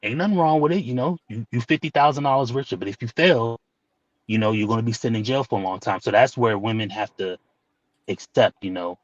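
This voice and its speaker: A man's voice: medium pitch, brisk, no echo. Man, rambling opinion talk, filler-heavy, lo-fi dry recording.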